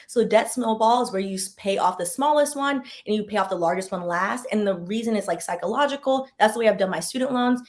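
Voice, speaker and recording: A woman and former lawyer hosting a casual advice chat, candid and self-deprecating, repeating words for emphasis and making asides to her viewers. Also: mid-range voice. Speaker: former lawyer and channel host.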